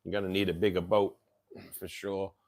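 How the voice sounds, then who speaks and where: A man's voice: deep voice, little pitch movement, fairly quick, darkish tone. A man hosting a casual livestream. He reads out viewers' chat, says "mate" a lot and laughs often. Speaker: livestream host reading chat.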